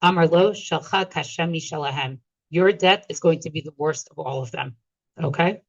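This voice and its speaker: A woman with a fairly low voice teaches a Talmud class. She reads each passage aloud and then translates and explains it, asking "okay?" and "right?" along the way. The recording is dull and lo-fi, with a close, dry sound. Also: moderate pace, no room sound.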